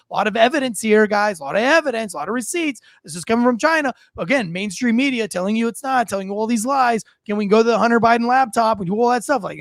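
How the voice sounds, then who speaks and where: High-voiced man ranting, heated and profane. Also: lively intonation, very fast, few pauses, no echo, clean studio sound. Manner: heated, profane, repeats himself, mocks with put-on voices. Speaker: podcast host. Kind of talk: ranting commentary.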